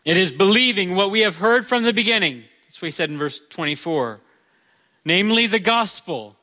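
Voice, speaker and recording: A man's voice: high-pitched, lively intonation, moderate pace, pushed and bright. A male pastor preaching a sermon in a conversational way, with touches of humor.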